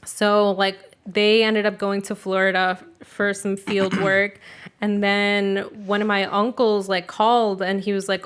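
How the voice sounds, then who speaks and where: A woman's voice: medium pitch, flat delivery, unhurried, clean tone. A young adult woman hosting a podcast, chatting casually and cursing freely, peppering her talk with "like" and acting out the voices of people in her stories. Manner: loose and profane, with heavy filler "like"; retells family stories by acting out the quotes. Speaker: podcast host. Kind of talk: casual chat.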